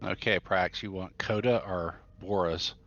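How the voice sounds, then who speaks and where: A man's voice: deep voice, steady tone, unhurried, a bit bright. A man playing a tabletop game, talking in a matter-of-fact, dry way. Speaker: player. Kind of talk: casual tabletop game talk. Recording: muffled lo-fi recording.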